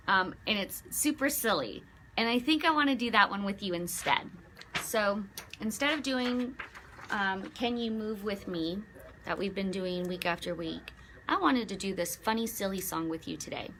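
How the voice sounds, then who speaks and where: Woman children's librarian, slow, bright storytime reader, expressive. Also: fairly high pitch, slight background noise. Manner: animated, expressive, asks children questions. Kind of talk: reading a picture book aloud to children.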